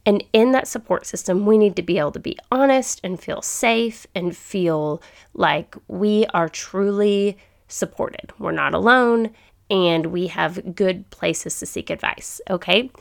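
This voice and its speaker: A woman's voice: medium pitch, measured pace, vocal fry. A woman hosting a faith podcast, talking chatty and enthusiastic, thinking aloud as she goes. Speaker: podcast host. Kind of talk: casual faith podcast talk.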